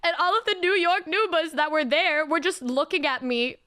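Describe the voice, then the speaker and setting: A high-pitched woman streamer chats casually with her audience, telling stories with lots of laughter and cursing. She turns mock-whiny when she complains to her fans. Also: normal speed. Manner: animated, laughing often, swearing, mock-whiny. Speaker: streamer and singer. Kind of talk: casual stream chat, storytelling.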